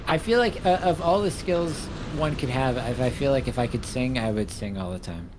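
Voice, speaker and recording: A man's voice: mid-range voice, moderate pace, noisy background. A man co-hosting a casual livestream chat, easygoing and teasing. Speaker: podcast co-host.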